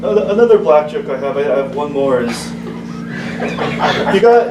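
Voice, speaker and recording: A man's voice: a little high, lively intonation, over music. A man performing a stumbling open-mic stand-up set in a small comedy club, restarting his sentences often. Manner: halting, stumbling delivery with many restarts. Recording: echoey club, distant mic, room noise.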